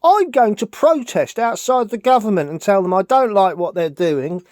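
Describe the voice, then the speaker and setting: A man's voice: high voice, expressive, normal speed, darkish tone, no echo. A man putting on the voice of a naive male truther in a sing-song, mocking whine.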